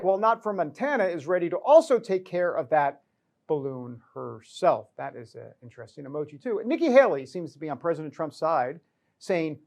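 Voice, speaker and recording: A man's voice: fairly high pitch, darkish tone. A man hosting a talk show, giving comedic news commentary in a sarcastic, joking way.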